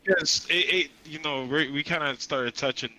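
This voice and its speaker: A man's voice: on the high side, normal speed, over a noisy crowd, poor audio. A man co-hosting a casual podcast who talks in an earnest, emphatic way and swears freely. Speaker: podcast co-host. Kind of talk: casual chat.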